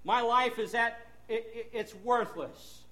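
A preacher voicing a heartbroken person pleading for help, in a raised, pleading voice. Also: male voice, very high voice, slow pace, sharp tone, pitched above the performer's own voice, heavily acted. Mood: despairing. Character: despairing heartbroken churchgoer seeking counsel.

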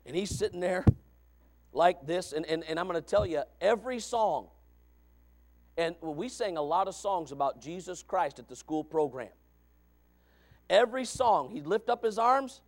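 A man preaching a sermon as pastor, folksy and repetitive, swinging from quiet talk to fervent shouting. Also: sits high. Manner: folksy, repeats phrases.

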